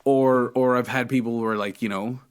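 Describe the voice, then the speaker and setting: Podcast co-host, man, animated, blunt, swears, mid-pitched. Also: brisk. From Canada. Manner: animated, restarts and quoted voices, swears freely. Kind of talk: casual podcast chat.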